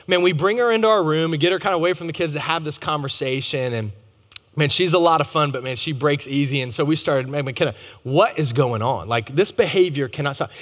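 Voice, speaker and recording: A man's voice: fairly high pitch, fairly bright tone. A man, preaching a sermon in a conversational, humorous way and talking straight to the crowd. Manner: conversational and humorous, addresses audience directly. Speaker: pastor. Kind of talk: storytelling sermon. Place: large chapel. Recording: long hall reverb.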